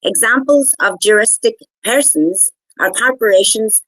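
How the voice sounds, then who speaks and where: A woman on a podcast reading out definitions in a steady, list-like way. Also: a little high, measured pace, no room sound, low-quality recording. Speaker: podcast guest giving definitions.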